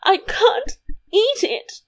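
A woman voicing a tearful, quick-tempered queen, pitching her voice high and sharp as she sobs and snaps back. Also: very animated, heavily acted. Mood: tearful, retorting. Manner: high, sobbing and sharp retorts. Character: weepy, shrill middle-aged queen, quick-tempered.

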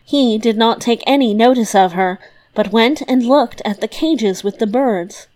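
A woman narrating a fairy tale as a storyteller in a measured, deliberate reading. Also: fairly high pitch, darkish tone.

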